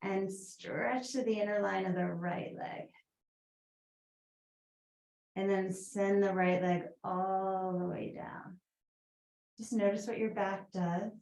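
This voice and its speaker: A woman's voice: medium pitch, fairly even intonation, slow pace, long pauses, a little mellow, reverberant, poor audio. A woman with a Boston accent teaching a guided yoga class, chatty, with rambling asides and fillers.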